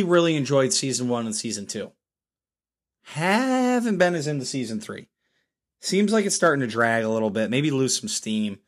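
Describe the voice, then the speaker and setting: A man hosting a casual solo podcast, hoarse from screaming, telling stories with lots of laughter. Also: mid-range voice. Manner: animated storyteller, laughs often. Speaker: podcast host.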